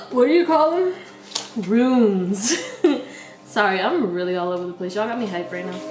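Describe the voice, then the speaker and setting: A woman's voice: on the high side, roomy sound, poor audio. A young woman giving a casual tarot reading, laughing often and talking in a scattered, slangy way. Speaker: tarot reader.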